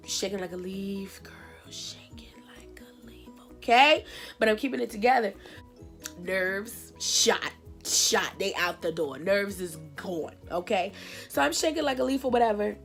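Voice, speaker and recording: A young woman from New Jersey telling a casual storytime to her viewers, acting out the other people in her own voice. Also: mid-range voice. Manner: animated, acts out dialogue in voices. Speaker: vlogger.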